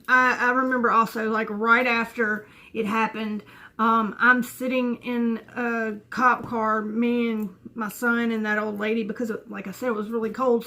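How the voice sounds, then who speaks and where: A woman's voice: a little high, vocal fry, sharp tone. A woman, telling a personal story to camera in a rambling, chatty way full of restarts and asides. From Southern United States. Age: 20s. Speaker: vlogger.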